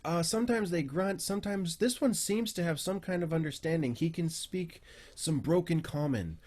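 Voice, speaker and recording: A man's voice: a little high, animated, moderate pace, darkish tone, pitched above the performer's own voice. A man voicing an eccentric, jittery bird-man who tames giants, stammering and repeating himself. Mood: friendly.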